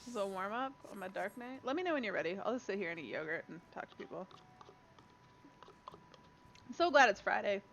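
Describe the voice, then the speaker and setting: A woman's voice: mid-range voice, animated, fairly quick, long pauses, fairly bright tone, a little hiss or hum. A young Canadian woman streaming a game, chatting and laughing with viewers and a friend. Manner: chatty, laughs often, talks to chat and a friend. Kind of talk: casual gaming stream chat. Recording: dull lo-fi stream audio.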